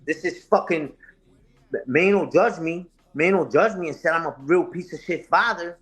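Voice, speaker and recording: A man's voice: a little high, moderate pace, a bit bright. A man, talking heatedly and without a script, profane and confrontational, repeating phrases for emphasis. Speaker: interview guest, online content creator. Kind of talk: heated unscripted talk, answering a live chat.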